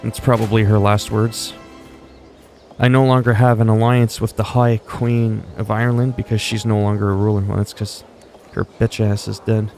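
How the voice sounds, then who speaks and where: Gravelly, profane man streaming a game. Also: on the low side, flat delivery, normal speed, a little mellow. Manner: brash, profane, mock-regal asides. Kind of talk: casual gameplay commentary. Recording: faint game music behind.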